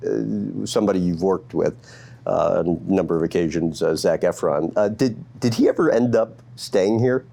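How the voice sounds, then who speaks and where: A man hosting an interview and asking unhurried, measured questions. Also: deep voice, gravelly, warm tone. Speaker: interviewer, host.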